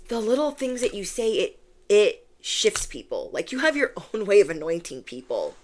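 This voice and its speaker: A woman's voice: mid-range voice, very animated, normal speed. Chatty young woman giving a tarot reading. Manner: chatty, rambling, lots of "like" and quoted asides. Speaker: tarot reader. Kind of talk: casual spiritual reading to camera.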